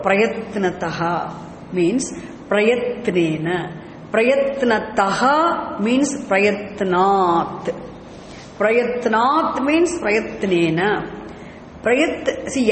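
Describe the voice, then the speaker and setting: Unhurried scripture teacher, keeps asking "isn't it?" to the class, roomy echo, faint room hum. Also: medium pitch, animated. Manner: patient, asks the class rhetorical questions. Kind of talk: explanatory lecture. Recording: echoey hall with faint ambient noise.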